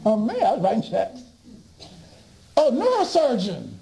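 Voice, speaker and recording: Slow-talking guy telling a story, super lively pitch, acts out what the doctors said. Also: gravelly, slight background noise, rough recording. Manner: animated, acts out dialogue with doctors. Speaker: speaker and author. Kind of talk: storytelling talk.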